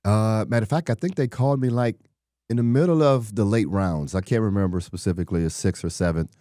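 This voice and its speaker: A middle-aged former football player telling stories in an interview, animated and acting out quotes from people he met. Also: fairly low pitch, fairly quick, no room sound, studio quality. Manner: animated storyteller, acts out quotes. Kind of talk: conversational interview storytelling.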